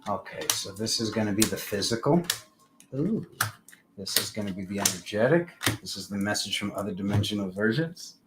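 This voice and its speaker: A man hosting a casual live-stream tarot reading, talking in an unhurried, rambling spiritual way with many fillers. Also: fairly low pitch, expressive, very noisy.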